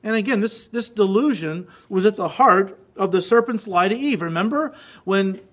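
A man's voice: high-pitched, expressive, normal speed. A man preaching a sermon, reading quotations aloud and acting them out with rising intensity. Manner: reads quotes aloud, mimicking voices with rising intensity. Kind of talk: recorded sermon.

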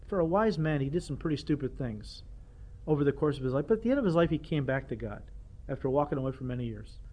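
An older male pastor delivers a sermon in a lively, self-deprecating way, stumbling over repeated words as he warms to his point. His voice sits a little higher than most men's. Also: fast talker. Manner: animated, self-deprecating preaching with frequent repetitions.

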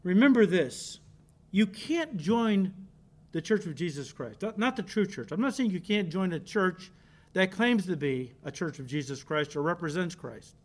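A man's voice: sits high, expressive, normal speed. A male pastor preaching a sermon, emphatic and direct with the congregation, repeating key words for stress.

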